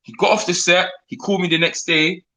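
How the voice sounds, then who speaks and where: A man's voice: high voice, fairly even intonation, pushed and bright. A man with a London accent, a grime MC telling stories in a casual interview, slangy and quoting conversations. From England. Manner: slangy, quick, retells talks in quoted bits. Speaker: grime MC guest.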